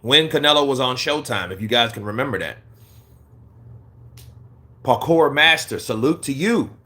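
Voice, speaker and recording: Animated man ranting on a livestream. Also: moderate pace. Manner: animated and blunt, swings from heated rants to low mumbling asides. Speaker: boxing commentary livestream host. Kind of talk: casual livestream commentary, reading chat.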